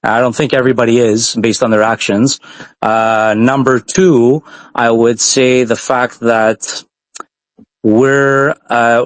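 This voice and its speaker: A man from Montreal speaks as a guest on a casual live stream, earnest and long-winded, filling pauses with "uh". His voice sits at a middling pitch. The sound is dry and close, with no room around it. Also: dry recording. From Canada, Montreal. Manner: earnest, explains at length with many fillers. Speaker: guest from a finance company.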